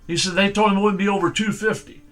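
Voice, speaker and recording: An older pastor, his voice high and bright for a man. He tells folksy stories from everyday life in a plain, firm, homespun way, turning each into a lesson for his listeners. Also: steady tone, quick pace. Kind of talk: sermon with personal stories.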